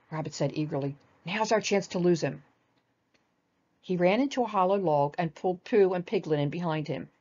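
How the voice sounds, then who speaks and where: An older woman reads a children's storybook aloud, gentle and expressive, with a fairly low voice. The recording is dull and lo-fi.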